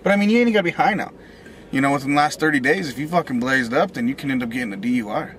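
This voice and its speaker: A man's voice: mid-range voice, racing, heavy background noise. A co-host of a casual chat show, a man talking in a laid-back, slangy and profane way.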